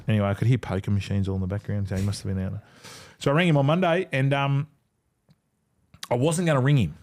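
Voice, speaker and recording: A middle-aged Australian man tells stories in a relaxed, rambling chat. His voice sits at an ordinary pitch, and he curses freely as he slips in and out of other people's lines. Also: quick pace. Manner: yarn-spinning, swears freely, acts out other people's lines. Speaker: podcast guest, former rugby league player. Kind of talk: casual storytelling chat.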